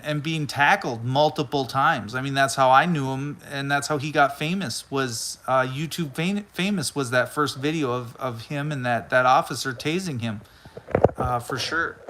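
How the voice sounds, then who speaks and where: Bright-voiced American man livestreaming. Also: medium pitch, slight background noise, low-quality recording. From United States. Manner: rambling and earnest, with frequent restarts. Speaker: livestream host. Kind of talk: casual live-stream chat reading viewer comments.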